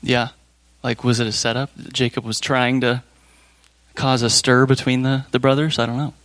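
A man's voice: medium pitch, little pitch movement, normal speed, a bit bright, no room sound. A man leading a Bible study group, reading a children's story aloud plainly, then chatting casually and hesitantly with the group.

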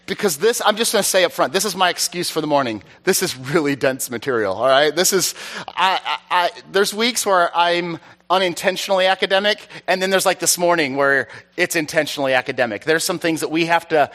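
A man preaching in a relaxed, chatty way, with a fairly high voice for a man. His tone is bright and forward, and he jokes at his own expense while checking in with his listeners. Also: fairly quick. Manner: chatty, self-deprecating, keeps checking in with "all right?". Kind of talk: conversational teaching sermon. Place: church service.

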